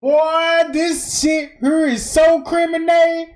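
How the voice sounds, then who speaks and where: A man giving animated, slangy commentary on a clip during a livestream, exclaiming and cutting in. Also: very high voice, slow, faint music behind. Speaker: stream host reacting to a clip.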